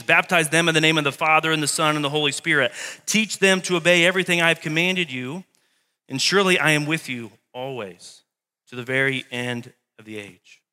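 Bright-voiced preacher man in a hall. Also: on the high side. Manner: repeats key lines for emphasis; conversational, with humor and asides. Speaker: pastor. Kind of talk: sermon. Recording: long reverb of a hall.

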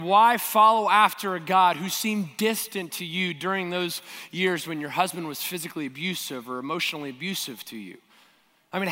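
A male pastor with a high, bright, forceful voice preaches a sermon. He talks earnestly and directly and keeps putting hard questions to his listeners. His voice carries a long reverb, as in a large hall.

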